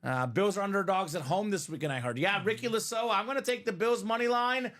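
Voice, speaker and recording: A man's voice: high voice, brisk, fairly bright tone. A man hosting a live stream, chatting casually and reading viewer comments aloud.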